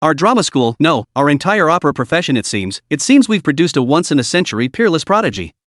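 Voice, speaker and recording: A man's voice: a little high, big pitch swings, fast, a bit bright, no room sound, studio quality. A man voicing a passionate young female opera performer, talking eagerly with a tremble. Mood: solemn.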